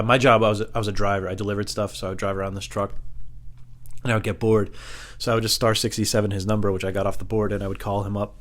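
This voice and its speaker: A young man with a fairly low voice, spinning a rambling story in casual, self-mocking talk. He drifts loosely from point to point and swears now and then. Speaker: host.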